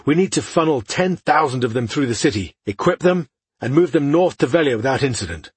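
A cold, impatient old elf lord, read by a male narrator snaps out curt orders with open contempt. His voice is deeply husky and sits in a middling register. The sound is dry and close, with no room around it. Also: expressive, a little fast, dry recording. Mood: commanding.

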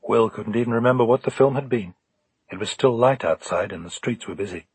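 A man narrating an audiobook in a calm, measured storytelling manner. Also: medium pitch, husky, no room sound.

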